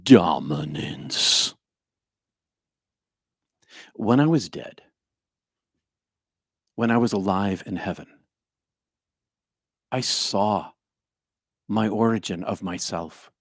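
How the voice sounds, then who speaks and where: An older man with a very low voice gives a spiritual talk and guides a meditation. He speaks slowly, leans hard on key words and drops into soft, hushed phrases, and the sound is close and dry on a home streaming mic. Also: no echo. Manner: slow, deliberate, emphatic, with soft hushed stretches. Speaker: spiritual teacher leading meditation. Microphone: home streaming microphone.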